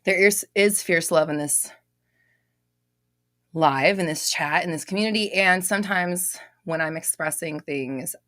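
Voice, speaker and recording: Woman, young adult, live stream host, casual chat, energetic, swears casually, lowish voice, dry sound. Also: a little slow, no room sound. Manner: loud, expressive, laughs often, swears casually.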